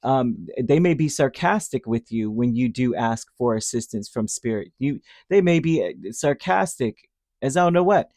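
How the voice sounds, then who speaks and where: A man's voice: mid-range voice, animated, normal speed, darkish tone, no echo, clean studio sound. A man giving a casual, rambling tarot reading, who acts out little voices as he talks. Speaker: tarot reader.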